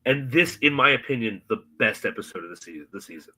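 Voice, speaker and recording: A man co-hosting a podcast, chatting casually and retelling a TV scene with animated, acted-out quotes. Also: mid-range voice, a little fast, breathy edge, poor audio. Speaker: podcast co-host. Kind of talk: casual chat recapping a TV episode.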